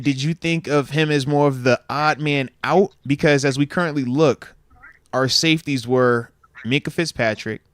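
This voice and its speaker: A man co-hosting a casual podcast, talking in an energetic, joking, slangy way. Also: medium pitch, no room sound. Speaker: co-host.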